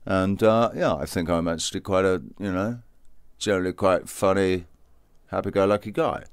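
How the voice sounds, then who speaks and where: Low-voiced, joking man. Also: normal speed, clean tone, no room sound, studio quality. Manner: self-mocking, joking, swears freely. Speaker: vlogger. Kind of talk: rambling monologue to camera.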